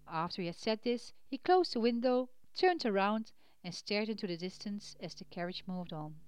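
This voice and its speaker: A woman reads a storybook aloud in a gentle, expressive way, letting her voice soften at the ends of sentences. Her pitch moves a lot, and the recording is dry and close. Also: moderate pace, clean tone, no echo. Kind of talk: storybook narration.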